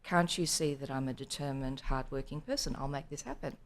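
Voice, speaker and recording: A woman's voice: extremely low pitch, a little fast. A woman voicing a determined young mother who firmly insists on her worth. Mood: defiant.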